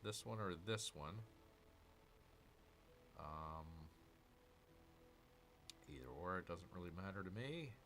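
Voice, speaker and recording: Male gaming host, animated pitch, chatty with his viewers while he plays. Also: slow pace, pauses often, slight background noise. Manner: chatty, answers viewer chat while muttering over his moves. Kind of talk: casual let's-play commentary.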